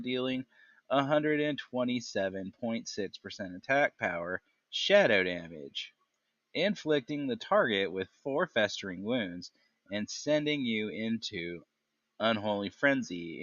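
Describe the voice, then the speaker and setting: A gaming podcast host with a fairly low, fairly bright voice reads talent descriptions aloud haltingly during a casual gaming chat, stumbling over the odd name. The sound is lo-fi but has no room sound.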